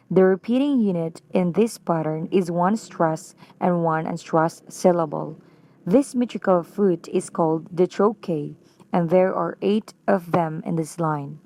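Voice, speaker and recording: A woman with a Filipino accent reads a prepared lesson at a slow, deliberate pace. Her voice sits a little low and mellow, recorded dry and close. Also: vocal fry. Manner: slow, careful, deliberate reading. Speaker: student presenter.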